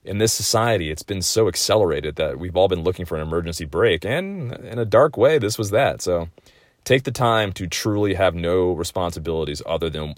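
A man's voice: sits low, a little fast, no echo, studio quality. A man in his thirties hosting a casual comedic monologue at home, rambling and profane, with wild swings in delivery. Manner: profane, rambling, wildly animated. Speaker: podcast host.

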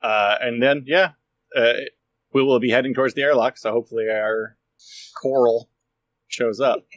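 A man's voice: mid-range voice, fairly even intonation, normal speed, no echo. A man playing a tabletop game as a ship's captain, asking questions and thinking aloud. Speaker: player, ship captain. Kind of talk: casual tabletop game play.

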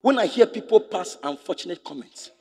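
A middle-aged man preaching in a Ghanaian English accent, his voice sitting high and swinging widely in pitch. He hammers points home by repeating them and climbs into shouts when he challenges the congregation. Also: animated, brisk, in a large hall, faint music behind. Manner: emphatic preaching, repeats phrases, rises to shouts. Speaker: bishop and pastor. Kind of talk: sermon.

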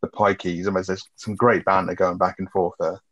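A man's voice: sits low, flat delivery, normal speed, fairly bright tone. A man co-hosting a casual film review, bantering and swearing freely as he recaps scenes. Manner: swears freely, bantering, quotes lines with a laugh. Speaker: podcast co-host. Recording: muffled lo-fi sound.

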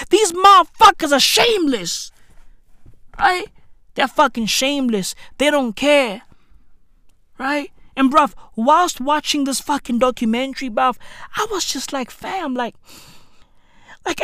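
High, lively woman ranting. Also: dry recording, studio quality. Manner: profane, exaggerated, rapid-fire slang. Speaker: comic vlogger. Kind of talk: comedic rant.

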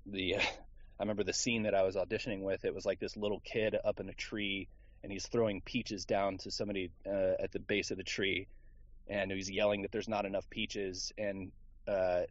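Easygoing low-voiced man rambling. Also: no echo, muffled recording. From Houston, Texas. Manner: rambling, easygoing, many fillers and laughs. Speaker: voice actor guest. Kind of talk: casual interview.

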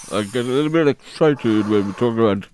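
A man's voice: mid-range voice, a little fast, darkish tone, slight background noise, natural voice. A man doing a bumbling prime minister. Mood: flustered. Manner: rambling, stammering, fumbling for words. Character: bumbling posh older British prime minister, impression.

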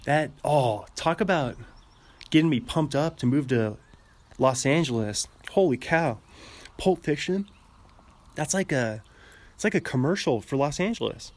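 A man's voice: a little high, animated, a little slow, pauses often. A young man talking casually on a podcast, rambling and chatty, laughing often and restarting his sentences.

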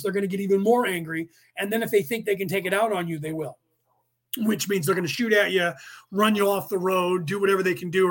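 High-pitched guy in his 50s rambling on a podcast, lots of ums and restarts. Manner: rambling, with many fillers and restarts; acts out angry drivers in quoted outbursts. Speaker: podcast host. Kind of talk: casual lecture.

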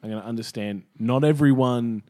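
A man's voice: medium pitch, fairly quick, a little mellow. A man, chatting casually and jokingly about food, rambling and laughing often. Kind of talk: casual chat.

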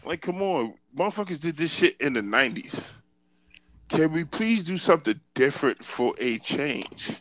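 A man's voice: on the high side, very animated, moderate pace, fairly bright tone, dry recording, low-quality recording. A man co-hosting a podcast, ranting in a heated, profane way in casual chat. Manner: heated, ranting, swears a lot. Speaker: podcast co-host.

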